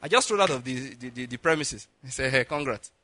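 A fast-talking Nigerian man with a medium-pitched voice preaches a sermon centered on a personal story. He plays out the dialogue with animation and laughs often, recorded dry.

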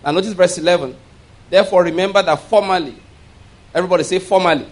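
A man's voice: high voice, fast. A man preaching a sermon as pastor. He reads scripture aloud, explains it line by line, and has the congregation repeat words back. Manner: leads the congregation in call-and-response; asks "all right?" as a check-in.

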